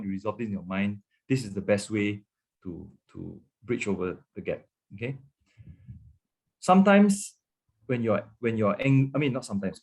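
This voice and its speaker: A man with a Malaysian English accent, a pastor teaching a webinar on marriage in a conversational way. He repeats words often and keeps checking in with "okay" and "right". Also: mid-range voice. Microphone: webinar microphone.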